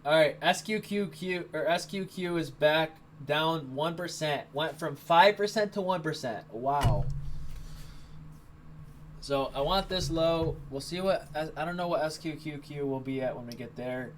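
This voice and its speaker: A man's voice: on the high side, a little slow, a little hiss or hum. A young man streaming live as he trades, talking casually, thinking aloud and swearing now and then. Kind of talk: live stream trading commentary.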